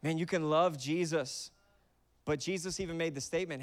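A man's voice: fairly high pitch, moderate pace. A man in his thirties preaching a conversational sermon, acting out voices in his stories. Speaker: pastor.

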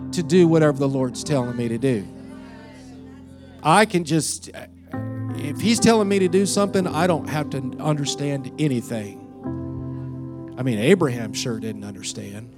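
A male pastor preaching a sermon, telling a story and acting out its voices, swinging between loud and quiet. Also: a little high.

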